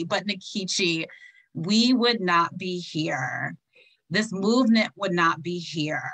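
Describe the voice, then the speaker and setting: A woman's voice: on the low side, pushed and bright, poor audio. A woman giving an earnest tribute speech to a mentor over a video call, repeating the mentor's name for emphasis. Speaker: guest speaker.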